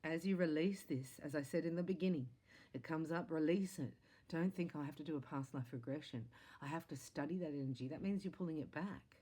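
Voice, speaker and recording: Low, mellow-voiced woman psychic. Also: fairly quick, slightly rough. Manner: animated, chatty, with laughs and sudden exclamations. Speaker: psychic tarot reader. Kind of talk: spiritual reading monologue to camera.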